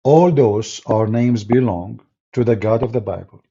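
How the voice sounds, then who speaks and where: A man's voice: medium pitch, unhurried, dark tone, slightly rough. Arabic-accented man mocking on a stream. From Middle East. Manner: mocking and insulting, broken English grammar. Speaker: live stream host. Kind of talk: polemical live stream monologue. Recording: dull lo-fi stream audio.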